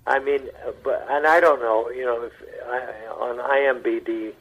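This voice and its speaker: An older man, an actor, telling stories in an interview in a halting way that repeats words. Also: mid-range voice, fairly even intonation. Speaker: actor as guest. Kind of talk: anecdotal interview talk. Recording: dull lo-fi radio broadcast.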